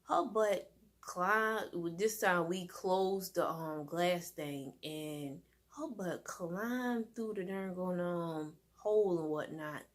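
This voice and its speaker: Woman, casual storytime, rambling, animated, lots of fillers. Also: fairly low pitch, slow pace. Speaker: vlogger.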